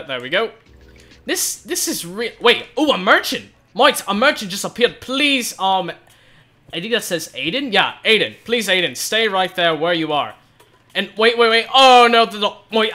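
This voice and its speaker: A young man giving excited commentary on his own gameplay, often exclaiming and shouting as things happen. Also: sits high. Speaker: gaming video host.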